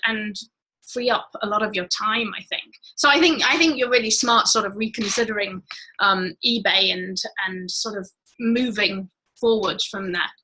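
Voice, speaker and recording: A woman's voice: on the high side, sharp tone, low-quality recording. A woman hosting a live online show, chatting casually and upbeat with lots of little fillers. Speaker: podcast host.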